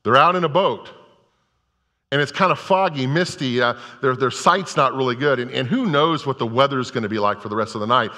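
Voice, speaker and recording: A man's voice: mid-range voice, fairly quick, bright, forceful tone. A male pastor preaching a sermon to a congregation, telling scripture stories in a conversational, storytelling way. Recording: long reverb of a large hall.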